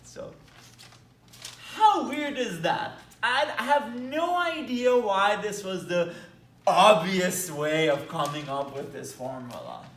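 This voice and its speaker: There's a distant, echoey quality to this recording of a math lecturer, with a low hum underneath. He has a Belgian accent and explains at the whiteboard with eager energy and playful little asides. His delivery is slow and measured, yet his pitch bounces lively.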